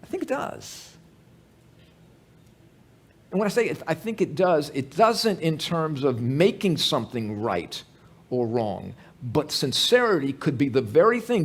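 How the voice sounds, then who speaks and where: Husky, lively-voiced male pastor preaching. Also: a little high, normal speed. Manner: conversational, joking, full of rhetorical questions. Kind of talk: sermon. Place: church sanctuary, evening service.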